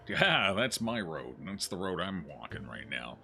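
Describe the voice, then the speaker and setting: A man's voice: low-pitched, very animated, unhurried, bright, forceful tone, slight background noise. A man streaming a horror game, joking and thinking aloud as he plays. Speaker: gaming streamer. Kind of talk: casual let's-play commentary.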